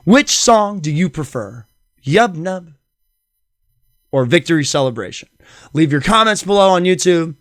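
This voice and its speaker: A man's voice: on the high side, fairly bright tone, clear, resonant tone, no echo, clean studio sound. A middle-aged man hosting a casual solo podcast, rambling enthusiastically with many fillers. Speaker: podcast host.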